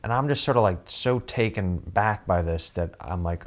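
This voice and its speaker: A man's voice: sits low, moderate pace, hardly any pauses. A man from Boston telling a comic story, rambling and self-deprecating, with lots of fillers. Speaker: comedian.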